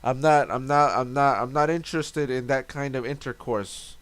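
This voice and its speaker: A man's voice: mid-range voice, normal speed, fairly bright tone, no room sound, close to an everyday voice. Man playing a flustered adventurer, stammering, repeats himself, dry close sound. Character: flustered fellow adventurer protesting awkwardly.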